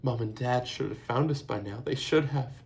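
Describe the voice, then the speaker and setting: A man voicing a frightened, tearful little girl who pleads and cries out in high, shrill tones. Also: moderate pace, creaky, darkish tone, a little hiss or hum, lightly acted. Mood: sobbing.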